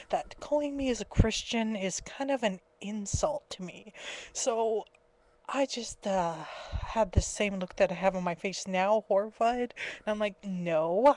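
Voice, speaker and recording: A woman's voice: mid-range voice, a little mellow. A woman in her twenties telling a story in a casual, exasperated webcam rant, often breaking into laughter. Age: 20s. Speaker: vlogger. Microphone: webcam mic.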